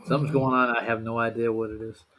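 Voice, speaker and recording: A man's voice: mid-range voice, level tone, quick pace, fairly bright tone. A man chatting casually as a podcast host, laughing often and teasing his guests. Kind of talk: casual chat.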